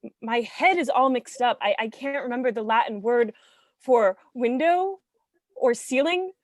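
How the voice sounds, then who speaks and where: A woman reading the part of a weary young woman of twenty-three, halting and caught between sobs and laughter. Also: a little high, no room sound, natural voice. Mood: despairing. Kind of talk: staged play reading.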